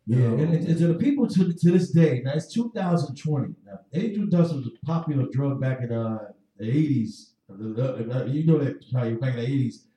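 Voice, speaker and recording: A man's voice: mid-range voice, animated, a little fast, few pauses, mellow, distant mic. A man in casual chat speaking in a plain, preachy way. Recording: echoey room, off-mic.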